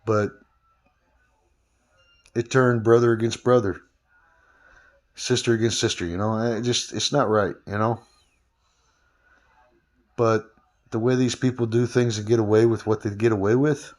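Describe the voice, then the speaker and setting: A man's voice: fairly low pitch, a little slow, long pauses. A man, a former delivery driver, speaking in a rambling, aggrieved casual vlog with many fillers. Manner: rambling, frequent fillers and restarts.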